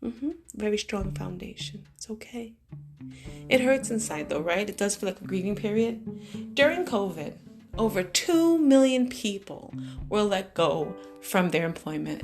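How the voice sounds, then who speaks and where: A woman vlogger talks straight to her followers in an emphatic, expressive way, slowing down and then speeding up to drive each point home. Plucked guitar music plays clearly behind her voice. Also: medium pitch. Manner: emphatic, expressive, shifting pace. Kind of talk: motivational monologue to followers.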